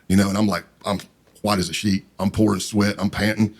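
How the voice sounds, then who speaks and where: Man, very low voice, quick rambling storytelling, lots of fillers. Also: little pitch movement. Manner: fast, rambling, with many fillers and restarts. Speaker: podcast guest. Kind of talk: casual storytelling.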